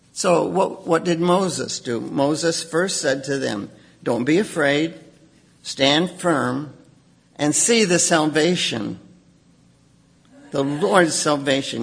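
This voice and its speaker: A man preaching a sermon, animated, acting out quoted voices with sudden outbursts. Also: fairly high pitch, vocal fry, husky.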